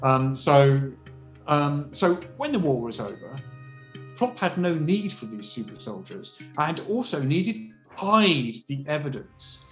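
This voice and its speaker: A man narrating as game master of a tabletop role-playing game, telling the story in a relaxed, rambling way. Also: fairly high pitch, measured pace. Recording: roomy echo, faint music.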